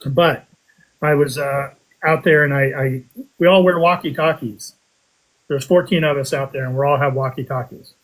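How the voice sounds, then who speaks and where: A man casually telling a story on a podcast, animated, with his voice jumping up high when he quotes himself. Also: moderate pace, low-quality recording. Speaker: podcast guest telling a metal detecting story.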